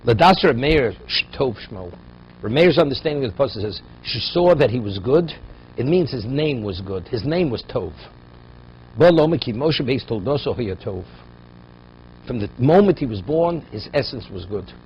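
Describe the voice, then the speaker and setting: A man's voice: medium pitch, lively intonation, normal speed. A man giving a Torah class in a mid-range voice, telling the story at an easy pace and then pressing hard on his main points. The recording is dull and lo-fi, with a faint hum of room ambience behind him. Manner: storytelling, rising to emphatic peaks. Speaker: Torah teacher.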